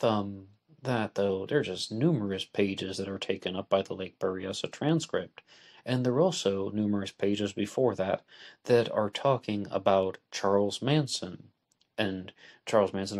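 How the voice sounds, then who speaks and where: Man, deep voice, podcast host, deliberate, measured. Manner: measured, deliberate, spells out letters. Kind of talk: solo podcast book discussion.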